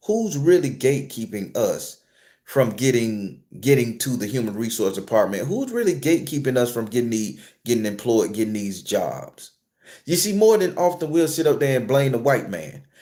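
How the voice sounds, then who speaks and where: A man's voice: mid-range voice, very animated, moderate pace, darkish tone. A man vlogging a casual story as a blunt, profane and emphatic rant.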